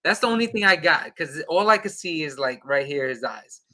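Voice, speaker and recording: A man, a podcast guest, telling an excited casual anecdote and acting out the dialogue. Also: on the high side, moderate pace.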